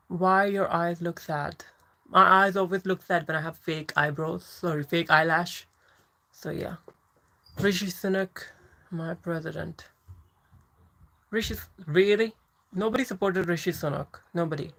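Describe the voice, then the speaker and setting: Low-voiced woman chatting on a livestream. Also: steady tone, measured pace, long pauses, pushed and bright, rough recording. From England. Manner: chatty, laughs often, answers viewers directly. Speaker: livestream host. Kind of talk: casual livestream chat reading comments.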